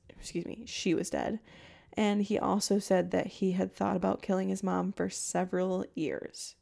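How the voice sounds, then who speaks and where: Young woman, podcast host, dark gravelly tone, casual and emotional true crime retelling into a mic. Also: medium pitch. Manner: chatty, emotional retelling with fillers. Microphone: podcast microphone.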